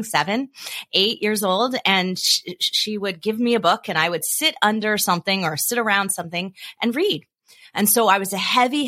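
A woman answering interview questions, telling lively stories and acting out the dialogue she quotes. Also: mid-range voice. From South Africa. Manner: animated storyteller, acts out quoted dialogue. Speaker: podcast guest.

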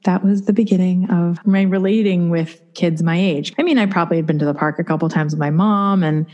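A middle-aged woman from New York, a podcaster, telling a personal story in a chatty, expressive way. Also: fairly low pitch, fairly quick, highs cut off. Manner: chatty, expressive, acts out quoted voices.

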